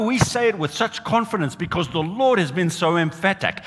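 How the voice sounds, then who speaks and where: Male pastor, lively pitch, husky voice, long hall reverb; emphatic sermon delivery. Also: normal speed, few pauses. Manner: emphatic, animated preaching with repeated phrases.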